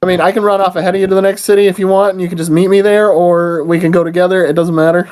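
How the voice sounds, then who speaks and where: Fast-talking tabletop player. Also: mid-range voice, level tone, a little mellow. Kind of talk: casual game chat.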